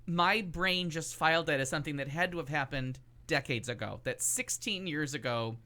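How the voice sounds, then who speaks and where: A man co-hosting a talk show, chatting casually and with strong opinions about movies, swearing freely and pausing on fillers. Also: fairly high pitch, pushed and bright. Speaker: podcast co-host. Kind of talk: casual chat reviewing movies.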